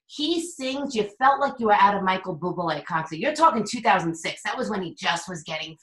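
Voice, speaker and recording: A woman's voice: mid-range voice, expressive, fairly quick, fairly bright tone. A woman, a guest on an interview show, telling a story casually and acting out the quotes, with many fillers and restarts. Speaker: guest, psychic medium and teacher. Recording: roomy echo.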